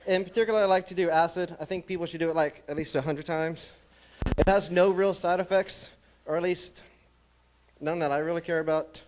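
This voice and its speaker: A young man from New Mexico doing a stand-up comedy set with a deadpan, wry delivery. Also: a little high, a little hiss or hum. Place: small college theatre stage.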